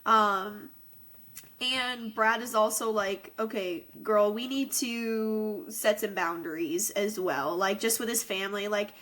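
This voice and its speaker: A woman's voice: medium pitch, slow pace, a bit bright. A woman co-hosting a podcast, chatting casually about a movie with lots of "like" and "yeah". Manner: agreeable chat, lots of yeahs and likes. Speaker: podcast co-host. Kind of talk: casual movie recap chat.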